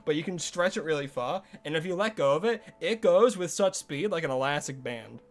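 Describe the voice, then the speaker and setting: Young guy streaming, chatty and sweary, slightly high voice, quiet music in back. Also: animated, fairly quick, few pauses. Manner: chatty, swears casually, laughs often. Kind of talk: casual live-stream chat. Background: faint music.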